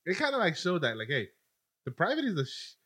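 A man's voice: sits high, wildly swooping pitch, fairly bright tone, breathy edge. A man co-hosting a casual podcast, hedging and filling his talk with "like". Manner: quick, hedging with "I think", lots of "like". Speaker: podcast co-host. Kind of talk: casual chat.

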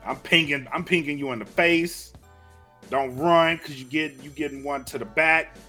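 A man's voice: a little high, fairly even intonation, moderate pace, sharp tone, faint music behind. A man co-hosting a podcast in casual chat, joking and boastful, repeating his punchlines. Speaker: podcast co-host.

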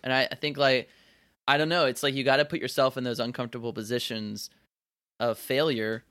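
A man's voice: mid-range voice, flat delivery, a little fast, a bit bright. A young man from North Carolina, co-hosting a casual podcast chat, rambling and laughing often.

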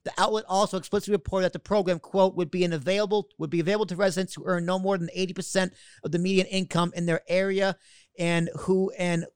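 High, smooth-voiced young man co-hosting. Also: level tone, quick pace, no echo, clean studio sound. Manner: joking, chatty, reads news with fillers. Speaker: podcast co-host. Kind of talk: casual news chat.

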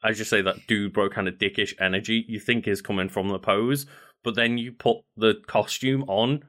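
A man co-hosting a casual podcast chat, talking in a relaxed, rambling way full of filler words. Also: fairly low pitch, normal speed. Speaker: podcast co-host. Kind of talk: casual chat about video games.

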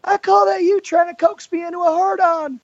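A man impersonating a gruff wisecracking old wrestler. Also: very high voice, steady tone, moderate pace, no echo, pitched above the performer's own voice. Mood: teasing. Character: gruff older male wrestler, crude wisecracking joker. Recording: muffled lo-fi audio.

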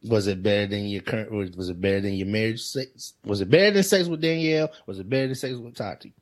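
A man's voice: lowish voice, fast talker. A man co-hosting a podcast in casual chat who laughs often, exclaims and repeats himself while asking questions. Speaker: podcast co-host.

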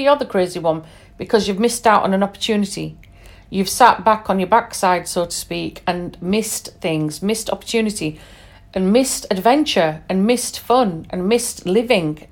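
A middle-aged British woman from England telling her own travel stories in a chatty, candid way, with fillers and asides to the listener. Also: mid-range voice. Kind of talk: casual storytelling monologue.

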